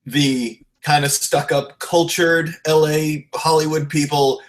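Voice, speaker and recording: A man's voice: fairly high pitch, steady tone, slow. A young man from the Baltimore area hosting a podcast interview, chatting loosely with frequent laughs, restarts and swearing. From Baltimore area, USA. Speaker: podcast host. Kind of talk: casual interview chat.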